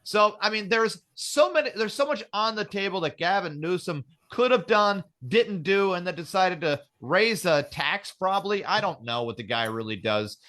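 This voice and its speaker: A man's voice: sits high, expressive, normal speed, few pauses, fairly bright tone. A man co-hosting a casual podcast, rambling and swearing as he rants and acts out mock quotes. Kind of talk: casual profane political banter.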